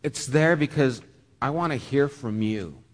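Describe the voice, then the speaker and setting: A man's voice: medium pitch, unhurried. A man preaching as pastor, earnest and heartfelt, often stammering and repeating words. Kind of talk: sermon. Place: church sanctuary. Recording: long reverb of a church hall.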